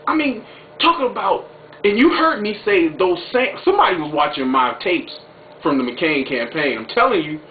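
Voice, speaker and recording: Slangy excited guy ranting on his vlog, kinda high voice, tinny echoey room sound. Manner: excitable, slangy, emphatic exclamations. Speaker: video blogger. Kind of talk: opinionated political vlog commentary. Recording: tinny echoey home recording with faint noise.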